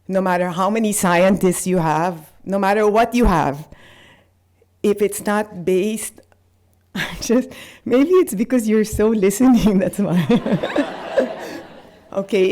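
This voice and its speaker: A middle-aged woman from the Philippines giving an emotional award acceptance speech, halting with fillers and restarts. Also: on the low side, darkish tone.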